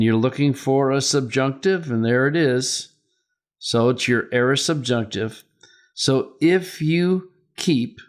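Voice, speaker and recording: A man teaching a verse-by-verse Greek grammar lesson, methodical and asking rhetorical questions as he explains. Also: mid-range voice.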